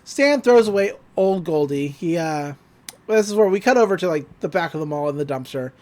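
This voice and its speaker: A podcast host walks through a cartoon episode casually. The voice swings around a lot in pitch and laughs come often. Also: lively intonation, fairly quick, a little mellow.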